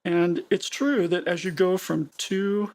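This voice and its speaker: A music production tutor talks slowly through synth settings for a screen-recorded software tutorial, with a mid-range, somewhat mellow voice. The delivery is casual and explanatory, full of repeated words and mid-sentence self-corrections.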